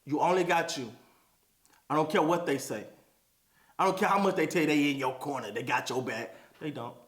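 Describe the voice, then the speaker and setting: A man's voice: a little high, lively intonation, a little fast. A man hosting a podcast, giving an emphatic motivational monologue and repeating phrases for emphasis. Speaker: podcast host. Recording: echoey room.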